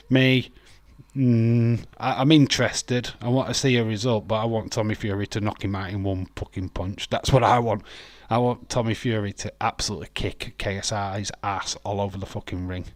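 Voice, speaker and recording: A man's voice: on the low side, fairly even intonation, moderate pace, no echo. Chatty Yorkshire man, dry close sound. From West Yorkshire, England. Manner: chatty, swears freely, laughs often, addresses chat by name. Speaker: wrestling watch-along host. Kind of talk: casual live watch-along chat.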